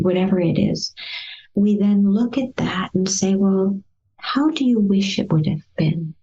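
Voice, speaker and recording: A woman therapist speaking as an interview guest, her voice gravelly with a dark, mellow tone. She tells stories gently and acts out the dialogue as she goes. The audio is dull and somewhat lo-fi. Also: lowish voice. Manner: gentle, lively storyteller acting out past dialogue. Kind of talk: interview storytelling.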